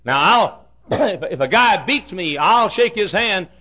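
Male preacher, folksy storyteller, high bright voice. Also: lively intonation, unhurried. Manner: folksy, dramatic, swings from hushed to shouting. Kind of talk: storytelling sermon.

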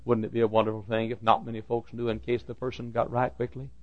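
A man preaching a sermon, repeating phrases for emphasis and swinging from loud outbursts to hushed lines. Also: mid-range voice, monotone, fast talker. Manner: swings between loud shouted lines and hushed quiet ones; repeats phrases for emphasis, acts out quoted dialogue. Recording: dull lo-fi recording.

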